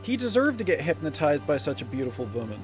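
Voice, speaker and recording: A young man streaming a horror game, reacting in jokey, sarcastic, animated chat. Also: on the high side, quick pace, over music. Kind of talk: casual gaming livestream commentary.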